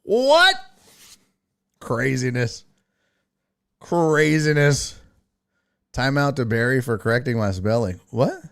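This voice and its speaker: A man's voice: medium pitch, slow pace, creaky, pauses often. A man hosting a casual sports talk stream, reading chat aloud and giving blunt, profane, mocking takes. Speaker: streaming sports show host.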